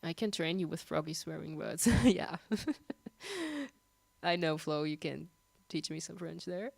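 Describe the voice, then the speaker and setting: A woman's voice: low voice, very animated, slow, creaky, dry recording. A young woman with a German accent, a sick livestream host casually answering viewer questions with frequent laughs and ums. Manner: chatty, laughs often, many ums.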